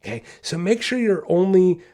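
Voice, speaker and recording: A man hosting a podcast, casually explaining dog training in a chatty, animated way and often checking in with the listener. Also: high-pitched. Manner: animated, chatty, says "guys" and "okay?" often; acts out dog thoughts in quick voices. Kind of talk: casual instructional podcast talk.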